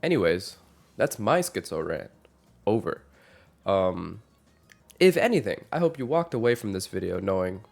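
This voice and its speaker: A man's voice: fairly low pitch, very animated, moderate pace, gravelly. A man in his twenties giving an earnest, rambling vlog rant to camera, with frequent restarts. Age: 20s. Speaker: vlogger.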